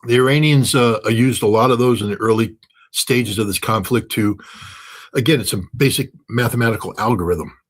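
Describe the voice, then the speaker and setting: A man's voice: mid-range voice, moderate pace. A man speaking as a guest analyst in an interview, blunt and sarcastic and often joking. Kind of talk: animated interview commentary.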